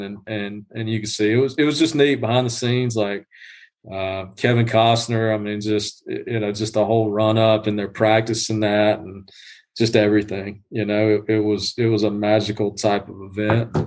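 A man's voice: fairly low pitch, fairly even intonation, moderate pace, a little mellow. Rambling man telling a story. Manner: rambling storyteller with many restarts and fillers. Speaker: guest groundskeeper. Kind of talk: casual podcast chat. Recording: livestreamed podcast.

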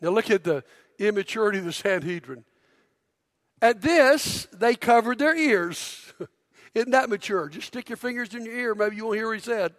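A middle-aged man preaching a sermon in a church, energetic and conversational, prompting the congregation. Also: high voice, moderate pace. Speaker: pastor. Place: church auditorium. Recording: long hall reverb.

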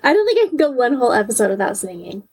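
A woman's voice: a little high, very animated, racing, slightly rough, rough recording. A woman co-hosting a true-crime podcast in casual chat, reading case details aloud in between. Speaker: podcast co-host.

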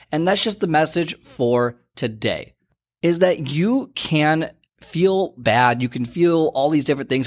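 A young man hosting a solo podcast, talking in a rambling, self-deprecating way and repeating himself for emphasis, still sweaty after a workout. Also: mid-range voice. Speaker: podcast host. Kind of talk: casual motivational monologue. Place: library recording room.

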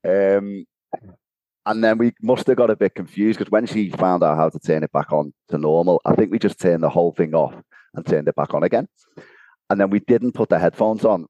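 A man's voice: deep voice, steady tone, normal speed, dark tone, no room sound, muffled recording. A man co-hosting a podcast from his home kitchen, telling a story in casual chat and laughing often. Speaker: podcast co-host.

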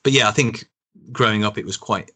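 Low-voiced man telling stories. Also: a little fast, pushed and bright. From Birmingham, England. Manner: rambling, restarts often, chuckles while telling stories. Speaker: guest. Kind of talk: casual interview chat.

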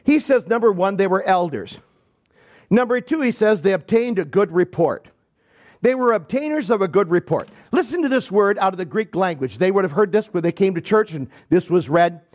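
A high-pitched male pastor from Michigan delivering a sermon in a church. He talks with the congregation in an animated, storytelling way. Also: moderate pace. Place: church sanctuary.

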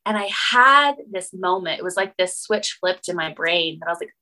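A woman from Utah, a boundary coach, telling her story as an interview guest in an animated, chatty way full of "like" and "um". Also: lowish voice, normal speed, low-quality recording. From Utah, United States. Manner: animated, chatty, many fillers like "like" and "um".

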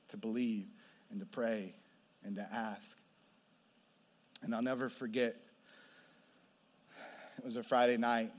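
Preaching man in a reverberant hall. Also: mid-range voice. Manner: swings from hushed storytelling to loud impassioned preaching. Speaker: pastor. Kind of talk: sermon testimony. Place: large hall with audience.

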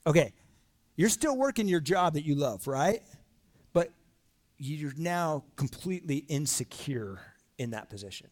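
Pastor guy preaching in church, kinda high voice, loose and excited, lots of "right?" and "yo". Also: unhurried. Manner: casual, animated preaching with slang and rhetorical questions. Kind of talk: sermon. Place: church sanctuary.

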